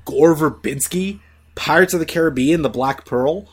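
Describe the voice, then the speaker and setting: A man hosting a casual chat about movies, swearing freely and giving animated opinions. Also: a little high, normal speed, husky. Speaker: podcast host.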